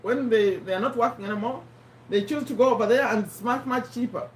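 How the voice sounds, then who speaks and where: A woman's voice: fairly high pitch, brisk, a little hiss or hum. A woman from Uganda with a strained, failing voice, hosting a casual live stream and chatting with viewers by name. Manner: chatty, addresses viewers by name, repeats points. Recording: roomy and distant from the mic.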